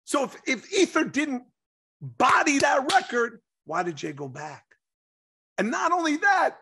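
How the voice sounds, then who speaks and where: A man, telling an animated story as an interview guest and acting out quotes. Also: high-pitched, a little slow. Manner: excitable, acts out quotes, laughs.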